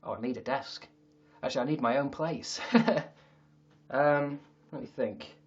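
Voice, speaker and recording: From his sister's attic, a man with a Yorkshire accent hosts a casual livestream, rambling, mocking himself, and swearing a bit. His voice is mid-range and unhurried, and the audio has its highs cut off.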